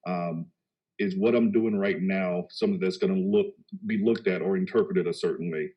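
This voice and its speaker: Male panel guest from texas, deep voice, thoughtful delivery, dull lo-fi recording. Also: mellow, breathy edge. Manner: measured and reflective, with fillers. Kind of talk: casual panel discussion.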